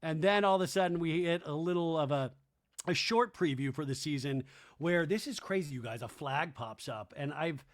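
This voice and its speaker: Man, comedy podcast host, high voice, dry close sound. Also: moderate pace, dry recording. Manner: animated, switches into shrill screaming impressions. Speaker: podcast host recapping a reality show. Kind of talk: comedic recap with impressions.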